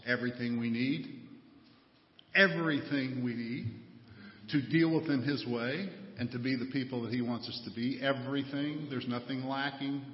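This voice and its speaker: Emphatic male preacher in a roomy hall. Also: mid-range voice. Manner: emphatic preaching, rhetorical questions. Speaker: pastor. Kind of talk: sermon. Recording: roomy hall, dull sound.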